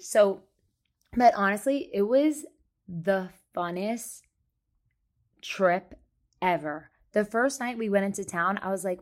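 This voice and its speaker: A woman hosting a podcast, telling casual stories in a blunt, profane and animated way from a hotel room. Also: medium pitch, moderate pace. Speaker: podcast host. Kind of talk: casual storytelling monologue.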